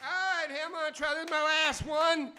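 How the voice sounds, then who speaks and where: A man's voice: extremely high pitch, flat delivery, normal speed, over music. A middle-aged man performing live, chatting loosely between pieces and delivering rhyming, profane, sardonic spoken word in a driving rhythm.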